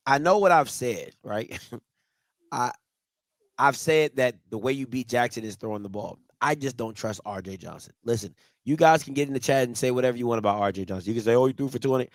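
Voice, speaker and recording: A man's voice: medium pitch, expressive, moderate pace, no room sound. A man hosting a sports talk show, moving through segments and laughing easily. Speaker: host.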